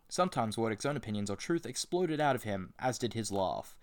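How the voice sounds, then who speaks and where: Lower-voiced man reading with sarcastic asides. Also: animated, brisk. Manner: casual, sarcastic asides and swearing between read passages. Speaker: reader and commentator. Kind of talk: reading a book aloud with commentary.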